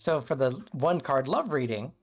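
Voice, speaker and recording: A man's voice: mid-range voice, expressive, moderate pace, faint music behind. A man giving a casual tarot reading on a livestream, talking loosely and checking in with listeners. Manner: loose and chatty, peppered with "kind of" and "right?". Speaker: tarot reader and streamer.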